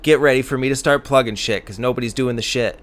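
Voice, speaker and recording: A man's voice: medium pitch, fast. A man co-hosting a podcast, laid-back and joking as he wraps up the episode. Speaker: podcast co-host. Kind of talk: casual podcast sign-off.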